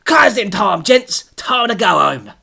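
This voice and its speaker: A man putting on a loud London pub landlord, pitched up and lively, throwing out matey slang. He booms his lines as he hustles to help a friend. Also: a little slow, creaky, full character voice. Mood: bossy.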